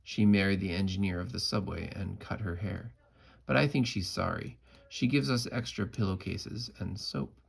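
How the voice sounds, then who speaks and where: Low, gravelly man reading a storybook. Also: moderate pace. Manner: playful, expressive read-aloud with asides. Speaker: storybook reader. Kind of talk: reading a children's book aloud.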